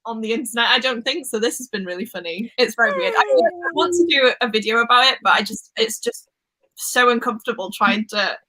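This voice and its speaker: A woman's voice: on the high side, expressive, quick pace, bright, forceful tone, poor audio. A young woman from Wales with a Welsh accent, chatting casually and laughing as she hosts a live reading stream. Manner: chatty, laughs often, acts out quoted exchanges.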